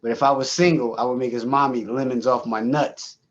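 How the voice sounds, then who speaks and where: A man co-hosting a podcast, telling a story in casual, profane, animated chat and laughing often. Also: mid-range voice, brisk, dull audio. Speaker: podcast co-host.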